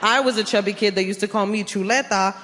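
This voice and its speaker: Her mid-range voice holds fairly even intonation, with a little hiss or hum in the recording. A South Bronx native, she works a big theater crowd with brash teasing, quick punchlines, and playful impressions, and the stage mic captures their loud laughter.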